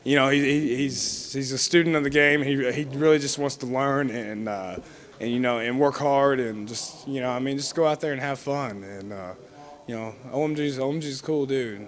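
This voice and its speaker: In a casual interview, a young man who wrestles tells rambling stories at a normal speed in a mid-range voice. Fillers such as "you know what I mean" come up constantly, and he laughs frequently.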